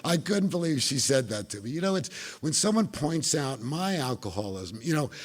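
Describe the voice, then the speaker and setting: Man, New Jersey accent, middle-aged, recovery talk, wry storytelling, mid-pitched voice. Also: sing-song, moderate pace. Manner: wry, self-mocking humor. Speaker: speaker sharing recovery story.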